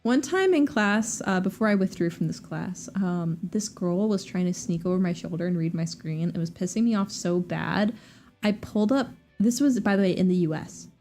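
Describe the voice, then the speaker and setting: A woman's voice: fairly low pitch, normal speed, darkish tone, soft background music. Chatty young woman streamer. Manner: chatty, rambling, sarcastic asides. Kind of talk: casual chat.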